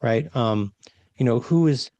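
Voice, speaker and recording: A man co-hosting a podcast, talking through leadership ideas in a reflective, animated way and often checking in with "right?". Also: medium pitch, a little slow, no room sound, muffled recording. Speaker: podcast co-host, leadership trainer. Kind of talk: casual conversational podcast talk.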